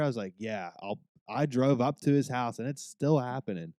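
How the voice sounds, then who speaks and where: Male podcast co-host, warm and relaxed, laid-back agreeable talker. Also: medium pitch, moderate pace, no echo, studio quality. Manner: loose, swears, agreeable. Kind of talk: casual chat.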